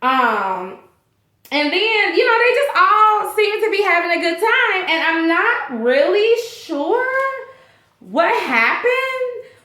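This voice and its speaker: Chatty bright-voiced woman vlogger. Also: extremely high pitch, very animated, slow, echoey room. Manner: chatty, rambling, many fillers. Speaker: TV show reviewer, vlog host. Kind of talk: casual recap vlog.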